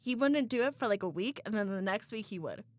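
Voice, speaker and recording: A young woman co-hosting a casual podcast chat, animated, laughing often and saying "like" a lot. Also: medium pitch, fairly quick. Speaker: podcast co-host.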